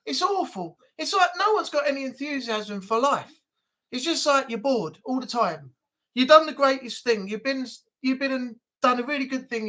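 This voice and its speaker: Mancunian woman, stream host, chatty, jokey, slightly high. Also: a bit bright. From Manchester, England. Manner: chatty, joking, swears casually. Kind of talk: live stream chat.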